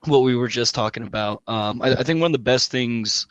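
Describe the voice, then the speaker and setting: A man talking as a guest on a casual panel, animated and quick to interrupt himself. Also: mid-range voice, clean tone, no echo. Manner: animated, self-interrupting, laughing asides.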